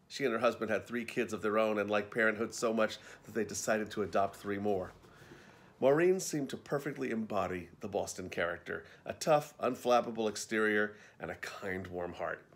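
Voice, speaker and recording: Wry man narrating his own memoir. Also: lowish voice. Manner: wry, conversational storytelling.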